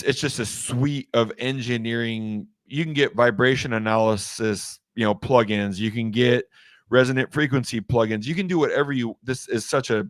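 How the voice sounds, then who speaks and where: A man's voice: medium pitch, dry recording. Rambling man in a dry room. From Washington state. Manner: rambling, many restarts and fillers. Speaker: guest, game call maker. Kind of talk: casual interview chat.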